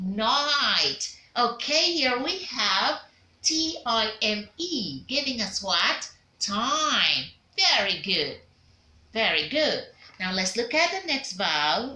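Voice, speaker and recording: Woman teacher doing vowel drills, slow and bright, echoey room. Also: medium pitch. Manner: drills learners with call-and-response prompts. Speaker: diction teacher. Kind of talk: phonics lesson to learners.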